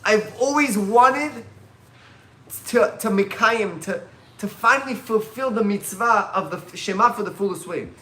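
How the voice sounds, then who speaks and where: A man voicing a martyred older male sage who speaks slowly and fervently about his devotion. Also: high voice, lively intonation, pushed and bright, roomy sound, voice pushed up, heavily acted.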